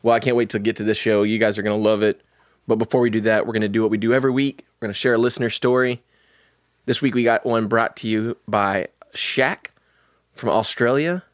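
A man's voice: fairly low pitch, steady tone, fairly quick, no room sound, studio quality. A man hosting a podcast, making friendly, upbeat introductions. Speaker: podcast host. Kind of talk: casual podcast chat.

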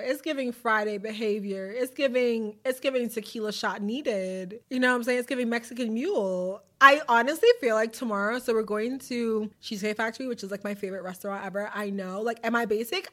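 A woman's voice: fairly high pitch, fast, hardly any pauses, a bit bright. A young woman hosting a casual solo podcast, chatty and playful with lots of slang. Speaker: podcast host.

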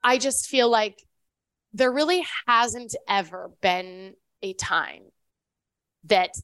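A woman's voice: medium pitch, slow pace, fairly bright tone, clear, resonant tone, no room sound. A woman co-hosting a podcast in casual chat, rambling with lots of fillers and restarts. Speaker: podcast co-host.

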